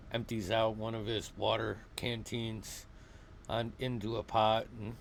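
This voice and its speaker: Slow-paced male game master. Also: medium pitch, slight background noise. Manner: unhurried, halting narration with restarts. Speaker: dungeon master. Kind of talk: narrating a tabletop game.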